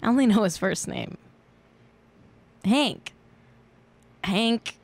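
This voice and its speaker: A woman in her thirties from California hosts a casual celebrity gossip podcast, joking and laughing often. Her voice is medium in pitch with big swings, slow and creaky.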